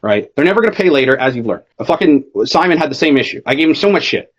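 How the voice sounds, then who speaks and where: Fast, high-voiced, foul-mouthed male sales coach. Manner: blunt, swears constantly, fast and animated. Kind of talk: profane casual coaching call. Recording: dull lo-fi call audio.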